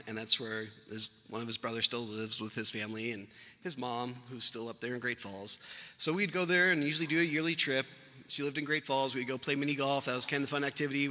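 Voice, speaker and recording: Bright-voiced man giving a eulogy. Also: mid-range voice, in a large hall. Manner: rambling, anecdotal, with chuckles. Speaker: family member giving a eulogy. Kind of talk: funeral eulogy storytelling. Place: funeral venue hall.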